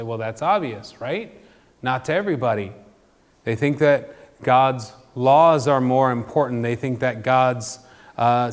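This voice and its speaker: Joking, emphatic pastor in a reverberant hall. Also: male voice. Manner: conversational and joking, swings between loud emphatic bursts and quiet low asides. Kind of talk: sermon. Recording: long reverb of a large hall.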